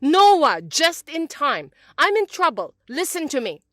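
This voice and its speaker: A woman's voice: high-pitched, sing-song, measured pace, a bit bright, no room sound, clean studio sound, voice pushed up, full character voice. A woman voicing a domineering mother-in-law who talks in an indignant, accusing, whiny way. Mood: whining. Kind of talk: scripted story voice-acting.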